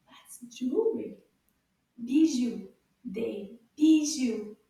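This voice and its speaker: A woman teaching French to young children, saying words slowly and clearly and giving cheerful praise. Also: high-pitched, lively intonation, warm tone. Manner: slow, exaggerated repeating of words for children. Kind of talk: kids' language lesson. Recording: echoey room, voice far from the mic.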